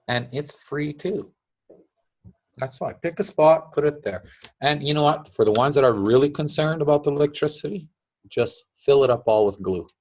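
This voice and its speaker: A man gives a casual talk as a teacher. His voice sits fairly low and he laughs between points, acting out little quotes. The recording is dull and lo-fi. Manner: chatty, laughs often, acts out quotes. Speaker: teacher of a device-building group. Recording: dull lo-fi sound.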